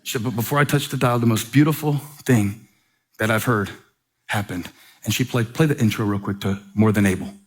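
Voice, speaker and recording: A man preaching a sermon in a church, reading a letter aloud with dramatic pauses and repetition. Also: on the low side. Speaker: pastor. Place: church sanctuary.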